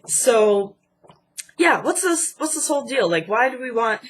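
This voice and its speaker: A woman's voice: a little high, very animated, a little slow. Young woman, vlog host, stuffy from a cold, chatty, fired-up rants, filler words. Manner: chatty and indignant, lots of fillers. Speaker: channel host. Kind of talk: casual vlog commentary.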